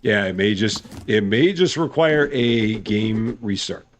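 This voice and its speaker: A man's voice: lowish voice, lively intonation, a little slow, slight background noise. A man giving casual live gameplay commentary as a streamer, chatty and good-humored, thinking aloud. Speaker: game streamer.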